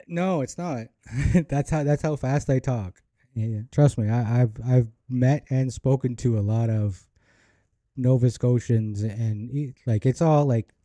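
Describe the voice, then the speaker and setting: A Canadian man with a soft Ontario accent, rambling casually as he reacts to clips and searches for words. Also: medium pitch, no room sound. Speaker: reaction video host.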